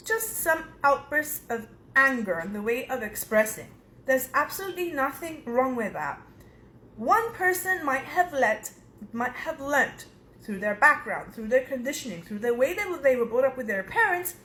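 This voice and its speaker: Calm, high-voiced woman giving advice. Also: slight background noise. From Cyprus. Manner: calm, measured, instructive. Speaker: personal development speaker. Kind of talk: advice monologue. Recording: roomy echo.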